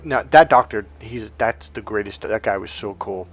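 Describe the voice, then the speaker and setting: A man's voice: medium pitch, animated, moderate pace, a bit bright. Man giving an emphatic coaching talk. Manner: storytelling, emphatic repetition. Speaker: life coach. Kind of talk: casual motivational monologue.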